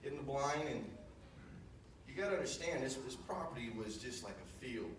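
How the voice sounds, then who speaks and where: A man's voice: mid-range voice, lively intonation, normal speed. Man telling a folksy eulogy story. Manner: folksy, rambling, with many fillers. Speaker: son giving a memorial eulogy. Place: church memorial service. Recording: echoey room from far off, noisy.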